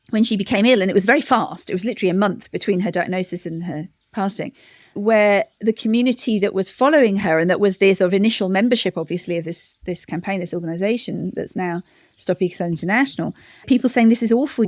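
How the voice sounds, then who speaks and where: A middle-aged woman giving a thoughtful interview answer, often restarting and laughing softly. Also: mid-range voice, no echo, studio quality. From United Kingdom. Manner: reflective, many restarts and soft laughs. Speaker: interview guest, campaign director. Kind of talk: conversational interview.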